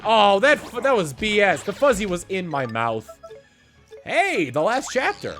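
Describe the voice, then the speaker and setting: A man's voice: high voice, a bit bright. A man playing a video game and commenting playfully, with silly asides and rambling thoughts. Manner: playful, silly, bursts into made-up songs. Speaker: let's-play host. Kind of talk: gaming commentary.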